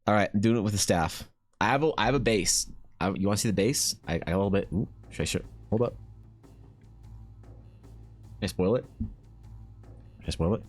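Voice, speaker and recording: Excitable Canadian man, low voice. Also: quick pace, soft background music. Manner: excitable, swears a lot, mock-exasperated at chat. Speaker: artist streamer. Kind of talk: casual livestream chat while drawing.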